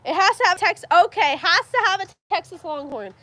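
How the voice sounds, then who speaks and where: A young woman hosting a casual farm livestream, chatty and quick to laugh as she reads viewer comments aloud. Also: very high voice, animated, pushed and bright, slight background noise. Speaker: livestream host. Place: farm barn with rain outside. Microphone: phone livestream.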